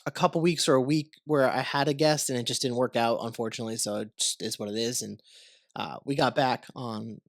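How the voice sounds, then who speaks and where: At medium pitch and a brisk pace, a creaky-voiced American man hosts his podcast despite being congested from a cold. He rambles, keeps it relaxed and swears casually. The recording is dry and cleanly studio-made.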